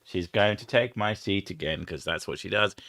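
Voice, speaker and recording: A man's voice: low voice, normal speed, fairly bright tone. A British man hosting a live stream, chatting casually with lots of swearing and self-mocking jokes. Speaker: streamer host.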